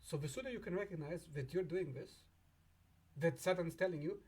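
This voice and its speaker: A man hosting an astrology video in a casual, animated way, often laughing and acting out imagined back-and-forth voices. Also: on the high side, brisk, slightly rough.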